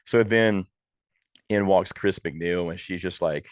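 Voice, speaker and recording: Male podcast co-host, very low voice, dry close sound, exasperated and profane ranting. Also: unhurried, dry recording. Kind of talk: casual movie review chat.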